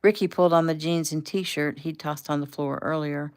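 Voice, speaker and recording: A woman author casually reading her own novel aloud, relaxed and unpolished, now and then correcting herself. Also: low-pitched, moderate pace, smooth. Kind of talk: casual audiobook narration.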